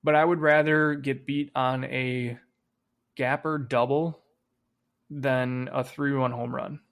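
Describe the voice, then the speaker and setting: A man's voice: mid-range voice, little pitch movement, slow pace, smooth. A man co-hosting a podcast, talking casually about sports, swearing freely and trailing off with fillers. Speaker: podcast co-host.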